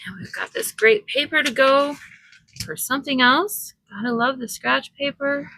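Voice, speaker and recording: A woman's voice: sits high, moderate pace, noisy background. A woman vlogger chatting casually and thinking aloud as she works on a craft project. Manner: chatty, thinking aloud while working, soft laughs.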